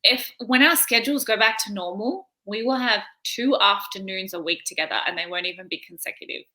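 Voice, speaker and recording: Young woman, light Australian accent, bright and crisp, chatty interview guest who laughs easily. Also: medium pitch, fairly quick. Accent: Australian, softened by years in America. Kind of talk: casual video-call interview. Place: home.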